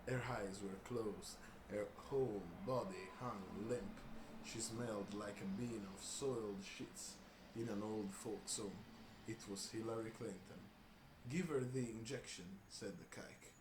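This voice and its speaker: A man's voice: on the low side, fairly even intonation, measured pace, few pauses. A man reading a crude story aloud for comedy, laughing and breaking off with asides. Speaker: reader. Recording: roomy room with faint hiss.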